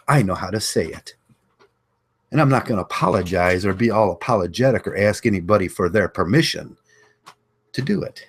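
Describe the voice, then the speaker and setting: Low husky-voiced man ranting bluntly. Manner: blunt, combative, repeats lines for emphasis. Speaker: online channel host. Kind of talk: ranting monologue.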